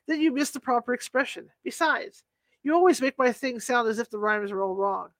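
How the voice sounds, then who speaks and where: A woman's voice: on the high side, brisk, a bit bright, dry recording. Lady reading as an eager touchy young clerk poet, chatty, dry sound. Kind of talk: audiobook reading.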